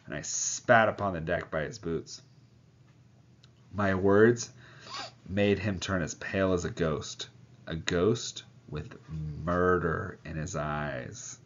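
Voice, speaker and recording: A man's voice: sits low, fairly even intonation, slow, slight background noise. A man reading a novel aloud, voicing the characters and breaking off now and then to comment. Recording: dull lo-fi sound.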